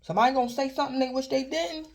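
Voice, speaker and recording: A woman's voice: high-pitched, steady tone, very fast, creaky, a little mellow. A woman giving a casual tarot reading, rambling and repeating herself as she keeps addressing the listener by star sign. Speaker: tarot reader.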